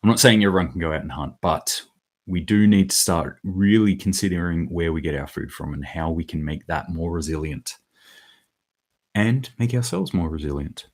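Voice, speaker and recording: A man with a low voice and a moderate pace hosts his own daily preparedness news show. His commentary is casual and blunt, drifting a bit, with occasional swearing.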